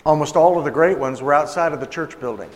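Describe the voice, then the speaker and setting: A man's voice: a little high, fast. A man preaching a sermon, telling a story in a conversational way and acting out the voices of the people in it. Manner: conversational, acts out quoted voices. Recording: long hall reverb.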